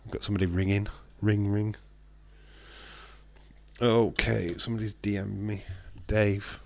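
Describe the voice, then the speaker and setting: A man's voice: fairly low pitch, fairly even intonation, moderate pace, creaky. A man hosts a live watch-along stream, commenting casually and bantering with viewers as he reads the chat aloud. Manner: bantering and teasing with viewers, frequent restarts.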